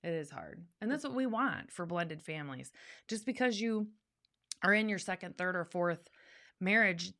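A woman's voice: lowish voice, animated, moderate pace, sharp tone. A woman co-hosting a podcast, talking candidly and earnestly, repeating words for emphasis. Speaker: podcast co-host. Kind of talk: casual chat.

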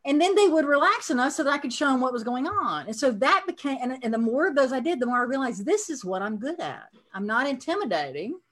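A woman's voice: sits high, big pitch swings, quick pace, few pauses, fairly bright tone. A middle-aged woman with a Southern US accent, telling her career story on a podcast in a frank, self-deprecating way. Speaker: podcast guest. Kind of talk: casual storytelling chat.

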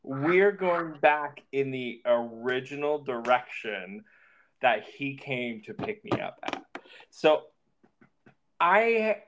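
A man on a podcast spins a personal story with a lively, swooping pitch. He talks casually, swears freely and slips into the voices of the people he describes. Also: slow, background noise. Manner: animated, swearing, acts out the dialogue.

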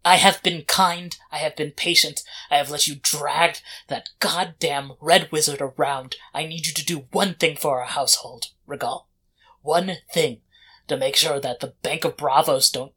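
Game master doing a stern house matriarch, bright and forceful, all duty and pressure. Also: mid-range voice, slightly rough. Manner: firm, insistent, pleading. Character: stern noble mother demanding duty. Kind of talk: tabletop role-play voice.

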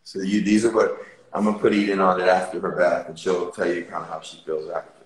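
A man giving a relaxed, enthusiastic tour of his indoor studio over a phone live stream, often repeating phrases. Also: sits low, quick pace, reverberant, low-quality recording. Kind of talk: casual walkthrough on a live stream.

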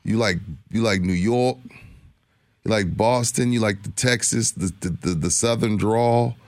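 A man's voice: fairly low pitch, a little slow, no room sound. A man co-hosting a sports talk radio show in a studio, needling his partner and throwing out joking questions.

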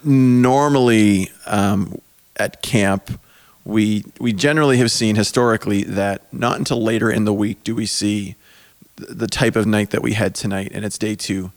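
A man hosting a podcast with a joking, rambling manner, his voice going hoarse, talking into a microphone in a small basement. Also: fairly low pitch, fairly even intonation, normal speed, dry recording. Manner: joking, rambling, self-mocking. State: losing his voice. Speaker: podcast host. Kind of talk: casual podcast chat. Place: small basement corner at a camp. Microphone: studio microphone.

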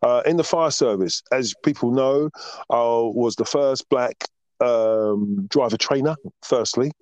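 A man as a podcast guest telling stories in a casual interview, animated and emphatic, often checking in with "right?". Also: mid-range voice, a little slow, no echo.

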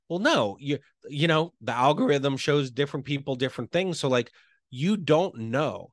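A man speaking as a podcast guest and real estate coach, talking quickly and earnestly and often checking in with "right?". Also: a little high, expressive, a bit bright, dry recording, studio quality. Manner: earnest, fast, enthusiastic talker with frequent "right?" tags.

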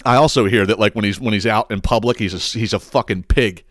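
A man's voice: on the low side, fast talker, fairly bright tone, no room sound, clean studio sound. A young man hosting a podcast, ranting bluntly and with lots of cursing, exasperated. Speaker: podcast host.

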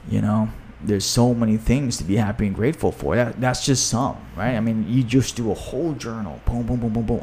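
A man who coaches fitness and runs a gym, talking in a casual podcast chat. He talks in an upbeat way, with quick runs full of fillers. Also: fairly low pitch, a little mellow, slight background noise. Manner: upbeat, talks fast with many fillers, reads aloud from his own book.

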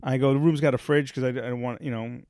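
A man's voice: mid-range voice, fairly even intonation, fast talker, darkish tone, dry recording. Dry-miked man telling rambling stories. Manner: rambling storyteller, acts out quotes. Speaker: podcast co-host. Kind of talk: casual chat.

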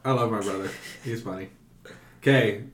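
A man co-hosting a casual podcast chat, animated and quick to laugh. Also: lowish voice. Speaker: podcast co-host. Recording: echoey room.

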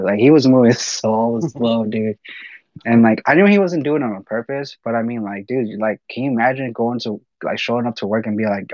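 A man's voice: medium pitch, brisk, a little mellow, no room sound, lo-fi sound. A man telling rambling stories in casual chat, full of fillers and swearing. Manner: rambling storyteller, swears a lot, many fillers.

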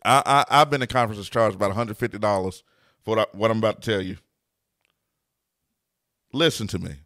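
A man's voice: on the low side, fairly quick, pauses often, fairly bright tone, dry recording. Emphatic preaching man, dry close sound. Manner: emphatic, repeats key lines for effect. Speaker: pastor and podcast host. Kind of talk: preaching-style podcast talk.

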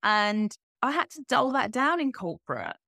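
On a relaxed podcast, a coaching guest in her thirties speaks candidly and with energy, laughing readily. Her voice is fairly high and gravelly at a moderate pace, with a clean studio recording and no echo.

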